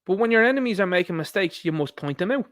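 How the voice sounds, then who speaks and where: A man rants through a solo political commentary, combative and quick to swear. His voice sits fairly high, and the sound is dry and close. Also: animated, fairly bright tone, no echo.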